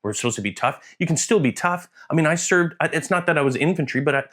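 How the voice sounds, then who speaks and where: A man's voice: animated, quick pace, fairly bright tone. A man talking casually in a vlog, earnest and emotional, rambling with restarts and acting out quoted voices. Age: adult, served in the military. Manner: acts out quoted voices with big pitch jumps. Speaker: vlogger.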